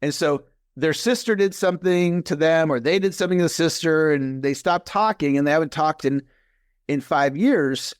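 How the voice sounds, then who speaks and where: Earnest man in his fifties, fairly high voice. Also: moderate pace, clear, resonant tone, dry recording, clean studio sound. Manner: earnest, repeats key phrases, lively when retelling. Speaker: podcast guest, coach. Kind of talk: conversational interview.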